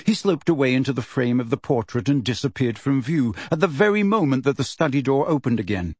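A man narrating an audiobook with expressive, scripted storytelling. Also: medium pitch, a little fast, husky, dry recording.

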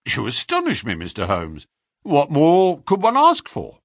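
A man's voice: a little high, wildly swooping pitch, a little slow, a bit bright, no room sound, clean studio sound, voice pushed up, heavily acted. A man reading an audiobook, voicing a young police inspector who speaks sternly and with smug formality. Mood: astonished. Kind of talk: audiobook character voice.

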